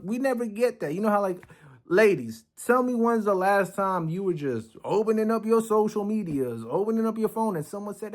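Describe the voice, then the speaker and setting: Man, slightly higher voice, blunt profane reaction commentary, acts out quotes. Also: lively intonation, brisk. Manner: acts out other people's lines in quoted voices.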